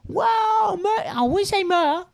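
A woman doing a high, squeaky, babyish puppet voice for a childlike furry monster in an improv party game, talking about herself in the third person. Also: expressive, unhurried, gravelly, heavily acted. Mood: goofy childlike.

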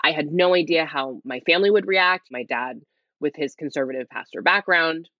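A woman guest speaking quietly as she tells a candid personal story, rambling with lots of "like" and restarts. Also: sits low, normal speed, no echo, muffled recording. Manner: rambling, heavy use of "like", restarts. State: speaking quietly, half-whispering. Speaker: interview guest.

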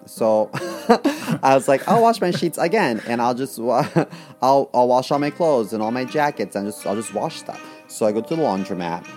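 A man's voice: mid-range voice, expressive, moderate pace, darkish tone, faint music behind. A man co-hosting a podcast, telling a story in a blunt, crude, indignant way. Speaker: podcast co-host. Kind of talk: casual storytelling chat.

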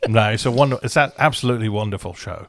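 A man's voice: lowish voice, fast, no echo. A man with a put-on British accent, bantering in character on a comedy podcast, playful and rambling with lots of restarts. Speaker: podcast co-host.

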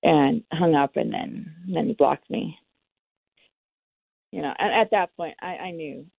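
Woman, low gravelly voice, candid storyteller, tinny dry phone line. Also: unhurried, no room sound. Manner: candid, acts out the dialogue. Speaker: interviewee. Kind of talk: personal storytelling.

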